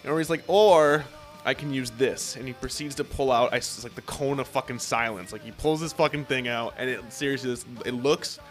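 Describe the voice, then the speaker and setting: A man's voice: medium pitch, a little fast, faint music behind. Profane young man telling a story. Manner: profane, animated storytelling with acted-out quotes. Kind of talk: casual storytelling chat.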